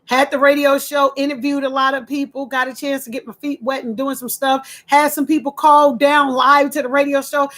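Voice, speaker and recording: A former radio host speaks at a moderate pace with few pauses, casually telling her viewers a story. She's animated, acting out the voices she quotes with big jumps in pitch.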